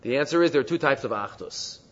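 A man's voice: mid-range voice, expressive, quick pace. Man teaching a Talmud class in a hall. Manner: explains texts, frequent rhetorical "right?"; mixes Hebrew and Aramaic terms into English. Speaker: Torah teacher. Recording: dull lo-fi sound with long hall reverb.

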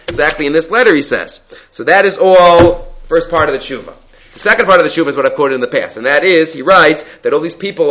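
A man's voice: on the high side, sharp tone. A man teaching a Talmud class, moving between English explanation and chanted Hebrew and Aramaic source quotations, often restarting his sentences. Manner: talks fast with frequent restarts. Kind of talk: Talmud lecture.

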